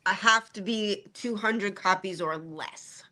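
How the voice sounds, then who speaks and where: A practical woman co-hosts a live online show, patiently walking viewers through the details. Her voice sits at an ordinary mid pitch, and her tone stays casual. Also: slow, pushed and bright. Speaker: co-host. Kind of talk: casual live-stream chat.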